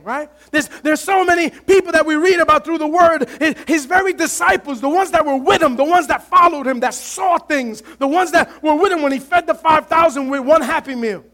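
A man's voice: very high voice, brisk, hardly any pauses, sharp tone. A male pastor preaching a sermon to his congregation, impassioned and calling out to the church.

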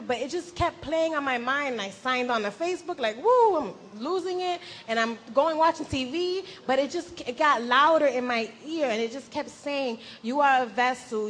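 A young woman giving an animated personal faith testimony at a church gathering, acting out her own past words and laughing at herself. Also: sits high.

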